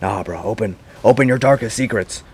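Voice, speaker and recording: A man voicing a menacing male clown monster who taunts his victim, his voice climbing higher and louder. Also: fairly quick, slightly rough. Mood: taunting.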